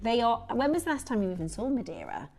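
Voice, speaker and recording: A woman presenting a live shopping show, chatty and excitable, with quick asides and repeated exclamations. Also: fairly high pitch, vocal fry, soft background music. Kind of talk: live sales chat.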